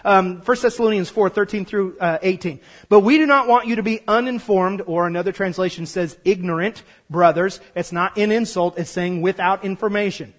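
A high-pitched man preaching a sermon. He stresses key words and repeats himself, dropping low for explanation and rising loud for declarations. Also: normal speed, few pauses. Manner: emphatic, repeats words, swings from quiet to loud. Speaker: pastor.

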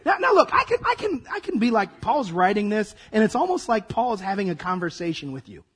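A man preaching a sermon as pastor, his voice hoarse and raspy, acting out dramatic asides. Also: high voice, very animated, brisk, a bit bright.

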